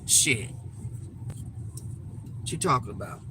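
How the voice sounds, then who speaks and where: Sharp-voiced older woman ranting on stream. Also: slow pace, a little hiss or hum, low-quality recording. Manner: emphatic, animated, swears freely. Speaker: live-stream host. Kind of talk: casual storytelling rant.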